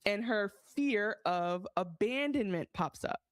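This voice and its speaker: A woman's voice: medium pitch, slow pace, no echo. A woman co-hosting a podcast, retelling a show in casual chat and acting out lines as she goes. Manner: animated retelling with acted-out quotes and laughs. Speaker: podcast co-host.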